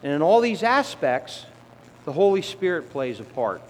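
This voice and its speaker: A middle-aged man delivers a conversational sermon and now and then slips into the voices of sinners and children. His voice sits a little high. It rings with long reverb through a church hall, over a faint room hum. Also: big pitch swings, normal speed. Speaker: preacher.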